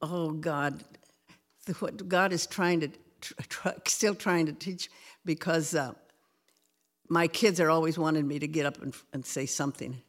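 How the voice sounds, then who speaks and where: A woman's voice: low-pitched, steady tone, measured pace. A woman of ninety, nervous about speaking in front of people, talking about her faith with a laugh and reciting a prayer. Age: 90s. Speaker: grandmother interviewed in church. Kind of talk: faith testimony interview.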